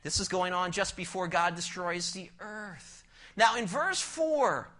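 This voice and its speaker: A man delivers a sermon in a bright, cutting voice. He explains the text verse by verse and keeps asking his listeners questions. His volume swings from forceful emphasis down to a hushed near-whisper. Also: high-pitched, measured pace, slight background noise. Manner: asks the listeners rhetorical questions. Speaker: preacher. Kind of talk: expository sermon.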